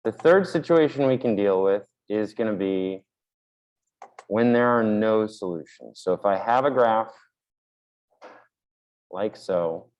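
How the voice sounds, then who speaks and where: A man's voice: fairly low pitch, expressive, slow, pauses often, darkish tone, lo-fi sound. A man teaching a math lesson in a casual, explanatory way while drawing on a board, with the odd filler. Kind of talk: classroom lecture at a board.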